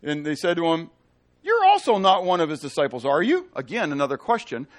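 Guy preaching, playful and chatty, voice jumps all over, kinda high. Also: fairly quick. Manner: animated, playful, acts out quotes. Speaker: pastor. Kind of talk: sermon.

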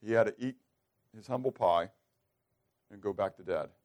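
A male pastor with a lowish, darkish voice preaches a sermon at a moderate pace. He asks the congregation questions and acts out the prayers he quotes.

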